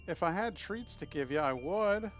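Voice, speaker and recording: A man's voice: high-pitched, expressive, normal speed, faint music behind. A man live-streaming a video game, chatting playfully with viewers and cooing at the creatures on screen. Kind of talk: casual live-stream chat while playing.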